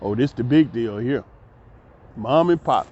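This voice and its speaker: A man's voice: medium pitch, unhurried. Man telling a story, lo-fi sound. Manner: animated, acts out voices, laughs mid-story. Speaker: vlogger. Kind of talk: storytelling monologue. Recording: dull lo-fi recording.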